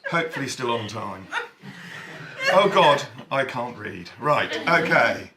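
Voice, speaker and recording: A man performing a stand-up comedy set in a cabaret bar, wry and deadpan with sudden animated outbursts. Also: mid-range voice, slow, noisy background. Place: cabaret bar venue, echoey room. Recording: echoey room, faint ambience.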